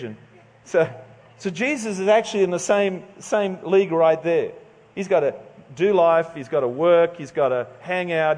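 A man's voice: high voice, darkish tone, long reverb tail. A middle-aged Australian man preaching a sermon in a casual, joking, conversational way, stumbling over his words now and then. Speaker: pastor.

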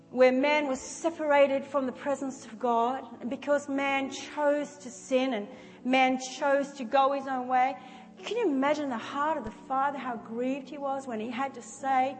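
A woman's voice: high-pitched, measured pace, faint music behind. A woman preaching a conversational sermon, acting out little scenes as she talks. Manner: conversational, animated, acts out scenes. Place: church hall. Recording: reverberant hall.

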